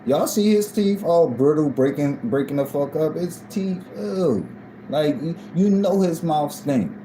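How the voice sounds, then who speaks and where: Slow-talking man with a dark, mellow voice. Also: medium pitch, echoey room, slight background noise, rough recording. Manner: profane, laughing often, loose and rambling. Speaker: live video host. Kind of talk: casual gossip chat.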